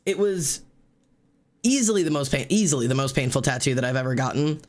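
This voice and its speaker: A man's voice: medium pitch, brisk. A man streaming live, telling a long story in a casual, profane way and acting out the people in it. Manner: animated, profane, quotes people in lively put-on voices.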